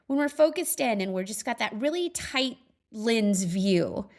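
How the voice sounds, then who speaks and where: A woman in her thirties talks on her own podcast, chatty and earnest, full of "like" and "you know" and little laughs. Her voice sits a bit high for a woman. She sounds upbeat and reflective, as if thinking aloud to friends. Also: lively intonation, a little slow, a little mellow. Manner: chatty, upbeat, laughs often, many fillers. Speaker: podcast host. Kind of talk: casual solo monologue.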